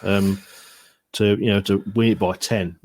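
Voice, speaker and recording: A man's voice: fairly low pitch, fairly even intonation, darkish tone, dry recording. A man co-hosting a casual sports podcast, talking with many fillers and "to be fair" asides. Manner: quick, full of fillers, says "to be fair". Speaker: podcast co-host. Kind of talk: casual chat.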